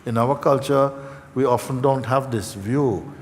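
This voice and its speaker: A man giving a gentle spiritual talk to an audience, slow and halting, with many fillers and repeated words, emotional at times. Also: mid-range voice, slight background noise. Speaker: spiritual teacher. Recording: hall reverb, faint ambience.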